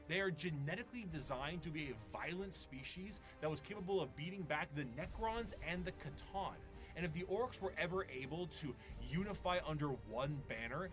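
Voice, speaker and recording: A man narrates a scripted explainer in a dry, explanatory voice that sits fairly high for a man. His pitch rises and falls with real liveliness, and clear background music plays under him throughout. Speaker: video essay narrator.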